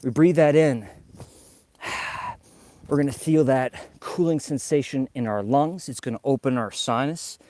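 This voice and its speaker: Walking through the snow on a casual live vlog, this New York host rambles and chats with his viewers, slightly winded. He speaks in a mid-range, darkish voice at a measured pace, pausing often.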